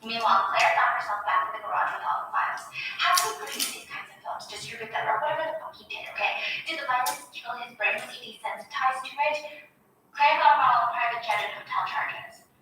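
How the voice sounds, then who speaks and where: A woman streaming from home, casually recapping a movie plot with animated swearing and "okay?" asides. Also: a little high, brisk, distant mic, noisy background. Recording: roomy echo, voice from afar.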